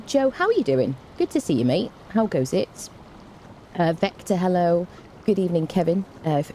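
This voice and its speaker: A woman's voice: low voice, warm tone, a little hiss or hum. A young woman streaming a game, chatting casually and self-mockingly as she greets viewers by name. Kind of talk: casual live-stream chat.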